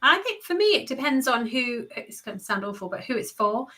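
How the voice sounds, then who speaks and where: Bright-voiced woman co-hosting. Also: a little high, brisk. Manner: chatty, animated, laughs often. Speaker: co-host. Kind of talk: live online Q&A chat.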